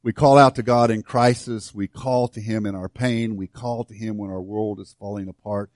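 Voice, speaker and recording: A man preaching a sermon to his church, swinging from hushed, slow lines to loud, fervent ones. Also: on the low side, steady tone, dry recording, clean studio sound. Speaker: pastor.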